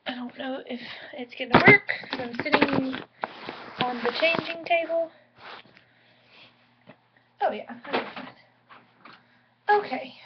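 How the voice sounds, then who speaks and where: A young woman vlogs from her bedroom at home about her pregnancy, chatting casually and emotionally with plenty of likes and ums. She has a high-pitched, husky voice, captured in dull, lo-fi home video audio.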